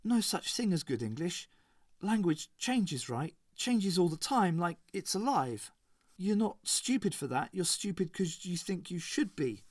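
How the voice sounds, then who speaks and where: A man's voice: sits high, sing-song, measured pace, no room sound, studio quality, pitched above the performer's own voice, full character voice. A man reading an audiobook, voicing a restless young woman who mutters her thoughts. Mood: brooding. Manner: muttering, pensive.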